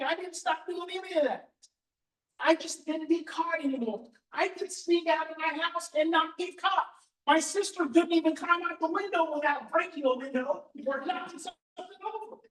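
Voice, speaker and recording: A man's voice: very high-pitched, a bit bright. A man giving a live parenting seminar, talking with passion and repeating key points for emphasis. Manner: impassioned, emphatic repetition. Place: seminar hall with audience. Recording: echoey hall, distant mic.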